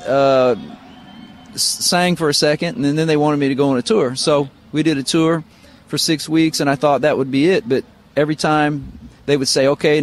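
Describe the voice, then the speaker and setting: A middle-aged man, speaking in a slightly raised pitch. He tells loose, easygoing stories with many fillers and pauses. He sounds like a musician being interviewed on the radio. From Missouri, United States. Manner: relaxed, rambling anecdotes with many fillers. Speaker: guest musician, guitarist. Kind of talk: casual interview storytelling. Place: radio studio.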